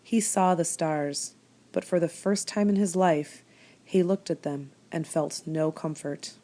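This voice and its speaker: A woman reads a children's chapter book aloud with calm, steady storytelling. Her voice sits somewhat low for a woman and moves at an even pace. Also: a little slow. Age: adult. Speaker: reader.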